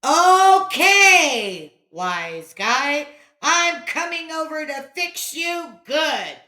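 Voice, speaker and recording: A woman voicing a lonely, quick-tempered little boy with a high, excitable voice. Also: natural voice. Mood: worked up. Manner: high, excitable, shouting boyish voice. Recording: roomy echo.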